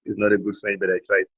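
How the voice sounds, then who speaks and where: A man from Cameroon talks in a husky, lowish voice, laughing often as he switches between French, English and pidgin. The sound is dry and close, with no room around it. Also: no room sound, muffled recording. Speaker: guest blogger. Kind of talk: casual interview chat.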